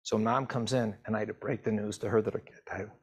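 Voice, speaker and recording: Husky middle-aged man telling a story. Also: fairly low pitch, fairly even intonation. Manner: emotional, halting storytelling. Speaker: physician assistant and medical educator. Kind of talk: personal story told to camera.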